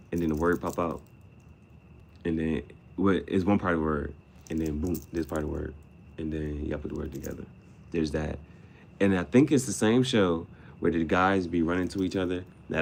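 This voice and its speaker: Gravelly slangy man rambling to camera. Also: a little mellow, a little hiss or hum. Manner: slangy and swearing, jumps between topics, laughs often; voice shoots up high for sudden outbursts. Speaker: vlogger. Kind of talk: casual rambling monologue to camera.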